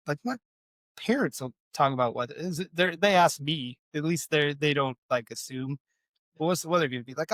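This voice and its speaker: Man, rambling casual chat, fairly high voice, dry close sound. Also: fairly bright tone, no echo. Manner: rambling, self-deprecating, with many fillers and restarts. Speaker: podcast co-host.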